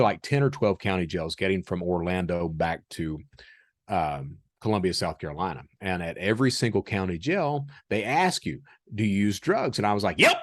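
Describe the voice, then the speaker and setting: A man telling stories as a podcast guest in a casual, animated way, chuckling as he acts out the dialogue. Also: lowish voice, no room sound, clean studio sound. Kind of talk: casual storytelling.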